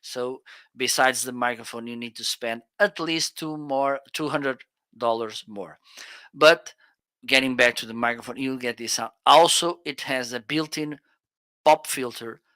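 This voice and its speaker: A Portuguese-accented man co-hosts a live shopping stream, speaking slowly into a close dynamic mic. His voice is bright and smooth, and the sound is dry and intimate. He keeps checking in with the audience with an eager "okay?". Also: medium pitch, dry recording. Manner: enthusiastic, frequent "okay?" check-ins. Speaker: livestream co-host. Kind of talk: casual product review. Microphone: close studio dynamic mic.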